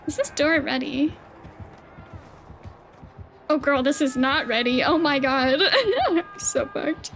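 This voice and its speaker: A woman streaming a game live, chatting with teammates in an excitable way, swearing and squealing. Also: sits high, takes it slowly, vocal fry, pauses often, faint music behind. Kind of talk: live gameplay chat with teammates.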